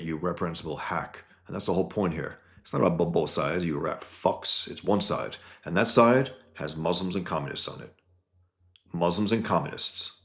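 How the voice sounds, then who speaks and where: A man whose voice is very low and deep reads comments from the internet aloud and riffs on them in casual commentary. He's blunt, heated, and swears a lot.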